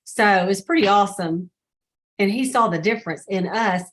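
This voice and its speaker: A woman talks casually to her sales team over a video call. She strings stories together and slips into the voices of the people she quotes. Her pitch sits in an ordinary middle range. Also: moderate pace. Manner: chatty storyteller who acts out quoted dialogue.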